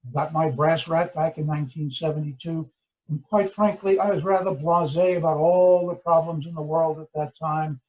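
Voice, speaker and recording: A man's voice: fairly high pitch, darkish tone, dull audio. Older male law professor lecturing emphatically. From United States. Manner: emphatic, deliberate lecturing with stressed key words. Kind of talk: formal lecture.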